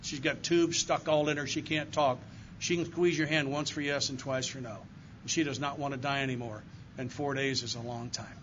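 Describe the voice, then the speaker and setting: This dull, lo-fi live recording captures an older man on the AA circuit sharing his recovery story earnestly and directly with a meeting-room audience. His mid-range voice is a bit bright, steady in tone, and moderately paced, with slight background noise behind it.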